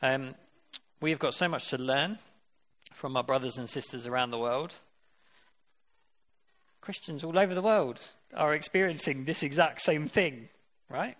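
A man's voice: fairly high pitch, a little slow, a bit bright. A man preaching a sermon, earnest and conversational, with rhetorical questions to his congregation.

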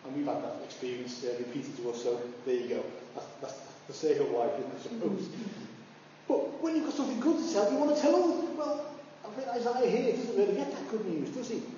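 A man preaching, his voice mellow and pitched high. He sounds far off in a large, echoing church hall, with a dull recording and faint ambience behind him. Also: brisk, slight background noise. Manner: animated storytelling, rising high when acting out voices. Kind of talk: sermon.

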